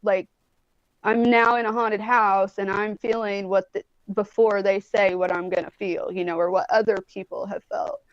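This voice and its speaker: Her mid-range voice is steady in tone and moves at normal speed. She's a woman in her forties from Indianapolis, USA, a guest rambling through casual stories with lots of swearing, "like," and "um." The audio is dry and dull, picked up by a phone or tablet on a video call.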